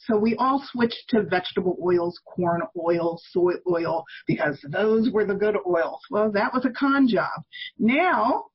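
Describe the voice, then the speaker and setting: A woman's voice: medium pitch, expressive, a little slow, husky, dull audio. A woman in her sixties, a guest on an interview podcast, explaining health views in an emphatic, opinionated way. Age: 60s. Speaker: guest, toxin elimination author.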